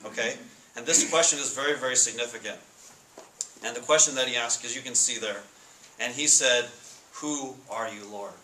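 Bright-voiced man preaching to students. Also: medium pitch. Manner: casual, asks the room questions, reads scripture slowly. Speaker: Bible study speaker. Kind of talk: casual sermon to students. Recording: echoey room with faint noise.

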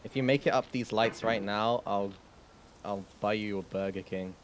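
A man visiting another streamer's stream, talking softly and making dry jokes. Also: on the low side, normal speed, noisy background. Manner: soft-spoken, dry and joking. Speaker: guest streamer. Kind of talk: casual gaming stream chat.

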